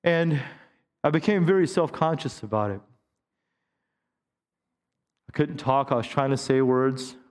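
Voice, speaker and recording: Fifty-something pastor preaching in a hall. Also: male voice, medium pitch, animated, measured pace, pauses often. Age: 50s. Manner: conversational preaching with stammered restarts. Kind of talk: sermon. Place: church sanctuary.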